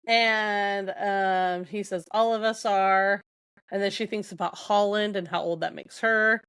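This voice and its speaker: A woman's voice: medium pitch, steady tone, measured pace, a bit bright, clear, resonant tone, no room sound. A young adult woman co-hosting a podcast, retelling book scenes casually with quoted dialogue and lots of fillers. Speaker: podcast co-host.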